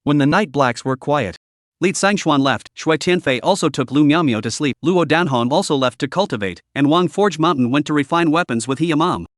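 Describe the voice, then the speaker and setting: A man reading a scripted story recap in an even, steady manner. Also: fairly high pitch, brisk, no echo, clean studio sound. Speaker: narrator. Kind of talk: scripted narration of a comic recap.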